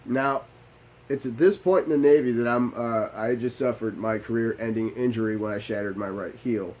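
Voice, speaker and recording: A man's voice: mid-range voice, fairly even intonation, moderate pace, darkish tone, rough recording. A young man, a Navy veteran, telling his own story in a candid monologue. He talks bluntly, swears freely and often restarts his sentences.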